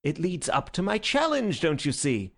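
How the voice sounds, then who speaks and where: A man voicing a tipsy, witty young gentleman in an audiobook, with a grand, bubbling delivery. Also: mid-range voice, sing-song, normal speed, vocal fry. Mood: giddy. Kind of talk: audiobook character voice.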